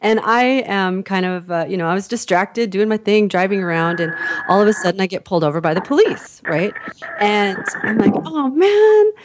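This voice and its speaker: A woman's voice: mid-range voice, fairly even intonation, brisk, noisy background. A woman from Canada hosts an interview in a mid-range voice, chatting casually and laughing easily. She tells anecdotes and puts on voices for the people in them. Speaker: podcast host, interviewer.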